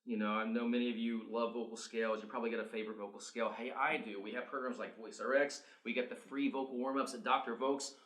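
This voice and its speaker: Man, vocal coach, energetic, teaching exercises, medium pitch, roomy echo. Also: fast talker, hardly any pauses. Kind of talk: instructional video demonstration.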